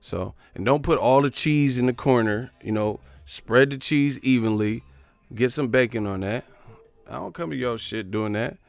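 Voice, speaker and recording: A man's voice: medium pitch, moderate pace, creaky, no room sound. A man hosting a boxing livestream, ranting casually and profanely while driving his car. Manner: profane, rambling, mocking. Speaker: boxing channel host.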